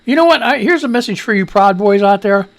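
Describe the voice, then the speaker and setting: A man's voice: high-pitched, animated, a little fast. A man hosting a live radio news show, rambling in exasperated, sarcastic casual commentary while wheezing.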